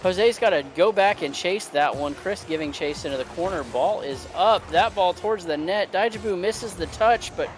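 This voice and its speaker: Male esports caster, fairly high voice, quick running play calls, faint outdoor noise behind. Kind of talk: esports commentary.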